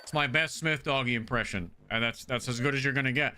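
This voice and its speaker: Streaming a video game live, this man chats casually and excitably shouts thanks to his supporters. His mid-range voice moves fast and smooth.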